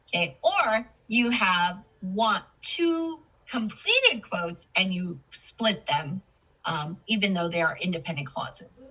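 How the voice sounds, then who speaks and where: Bright-voiced woman teaching patiently. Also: mid-range voice, breathy edge, poor audio. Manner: patient, checks in with frequent "okay". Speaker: ESL teacher. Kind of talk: classroom lesson on punctuation.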